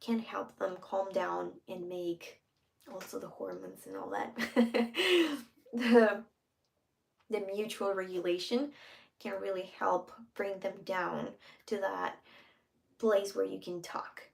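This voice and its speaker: A woman giving casual relationship advice, earnest, sometimes acting out soft whispered example lines. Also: medium pitch, steady tone, slow pace, vocal fry. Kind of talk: casual advice talk to camera.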